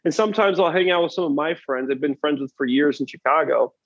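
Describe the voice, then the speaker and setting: A man speaking as a podcast guest in a relaxed, rambling way with many fillers. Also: on the high side, quick pace, no echo. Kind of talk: casual podcast chat. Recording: dull lo-fi sound.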